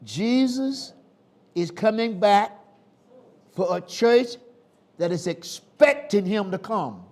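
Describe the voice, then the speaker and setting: This is a male preacher from the South whose high, lively voice moves at a slow, measured sermon pace, then bursts into loud calls. He preaches call-and-response, lurching from soft passages to loud ones without warning.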